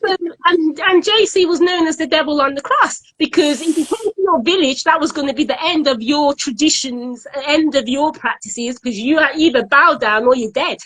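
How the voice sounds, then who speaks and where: A high-pitched woman speaks earnestly in a casual live-stream conversation. She often repeats words as she searches for the next thought. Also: normal speed, few pauses, a bit bright, rough recording. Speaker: event organiser, guest. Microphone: online live stream.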